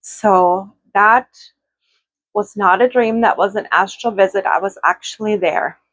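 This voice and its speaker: A woman hosting her own spiritual channel, talking softly and personally to viewers, often pausing, choked up and tearful. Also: medium pitch, no room sound. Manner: soft, heartfelt, pausing often.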